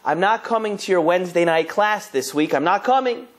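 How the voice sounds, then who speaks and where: A man voicing an easygoing young male college student in casual, drawling slang, a little higher than his own voice. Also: brisk. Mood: eager.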